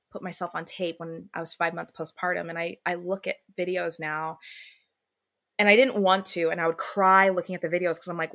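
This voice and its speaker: Bright-voiced woman telling candid stories. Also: lowish voice. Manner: candid, animated storyteller, swears freely. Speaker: musical theater actress, guest. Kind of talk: casual interview conversation.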